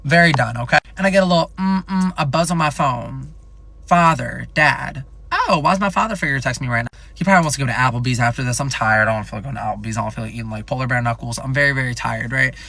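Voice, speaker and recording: A young man in his twenties telling a casual storytime vlog in an animated, profane, rambling way. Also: medium pitch, fast talker, gravelly. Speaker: content creator.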